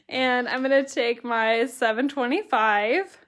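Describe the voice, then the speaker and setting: A bubbly woman with a high voice leads a live craft tutorial. She chats with her viewers and talks slowly, breaking into giggles as she goes. Her manner is easy and chatty. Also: a bit bright. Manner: giggly, laughing through her words. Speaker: watercolor stamping instructor.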